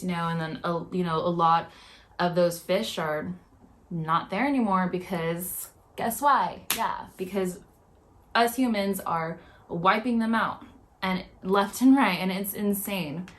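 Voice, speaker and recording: A woman's voice: fairly low pitch, unhurried. Upset young woman rambling in a reaction vlog. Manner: upset, rambling, heavy filler words. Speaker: vlogger. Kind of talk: emotional reaction commentary.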